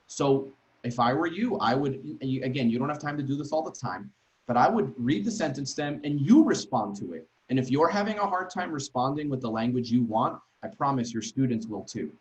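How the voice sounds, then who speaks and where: A man training teachers in an online workshop, talking in a conversational, emphatic way and tagging sentences with quick questions to the group. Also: medium pitch, animated, poor audio. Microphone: video call.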